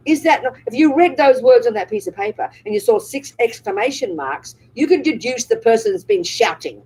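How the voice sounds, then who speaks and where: A Buddhist nun speaks to a live audience in a slightly high, breathy-husky voice. She drives each point home with emphasis and keeps pulling listeners in with tag questions. Her delivery is direct and practical, the way a teacher talks in a hall. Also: sing-song, moderate pace, hardly any pauses, darkish tone. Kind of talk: live dharma talk with audience Q&A.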